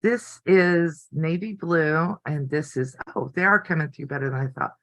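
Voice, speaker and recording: A woman's voice: low-pitched, normal speed, fairly bright tone, dry recording, rough recording. An older woman hosting a casual live stream from her home craft room, chatty and easily delighted. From United States. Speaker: quilting channel host.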